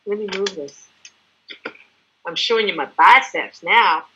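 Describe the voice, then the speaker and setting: Animated woman presenter, bright and high-ish, slightly muffled lo-fi audio. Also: unhurried, slight background noise. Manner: animated, chatty, acts out examples. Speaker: product distributor presenter. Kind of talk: enthusiastic sales presentation. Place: living in Mexico.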